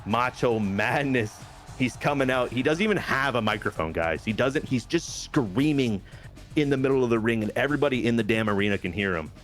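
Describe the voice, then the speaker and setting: A man who is getting over a cold, casually narrating wrestling matches from a video game storyline in a lively play-by-play. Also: mid-range voice, fairly quick, soft background music. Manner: lively play-by-play recap with asides. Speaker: game player and general manager.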